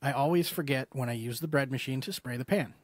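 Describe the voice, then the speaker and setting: A man speaking in a wry, low-key way with casual profanity in a podcast chat. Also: fast talker, slightly rough, no room sound.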